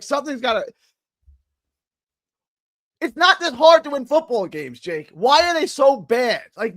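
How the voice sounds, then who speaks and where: A man ranting on a casual sports talk show, plainly exasperated and stumbling over restarts. His voice sits high and swings widely up and down. The sound is close and dry, with no room in it. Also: a bit bright, dry recording.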